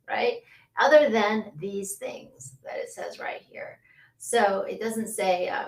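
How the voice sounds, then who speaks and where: A woman's voice: mid-range voice, unhurried, distant mic. A woman talks casually to her livestream viewers, laughing often and stopping to greet them by name. Her voice carries a roomy echo, and she sits a little back from the mic. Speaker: livestream host.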